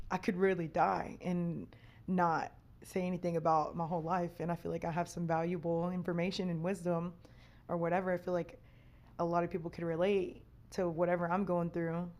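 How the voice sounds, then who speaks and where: A woman's voice: on the low side, level tone, normal speed, a little mellow. A woman hosts a podcast in loose, casual chat. She talks candidly and swears freely. Laughter often slips into her speech. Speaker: podcast host.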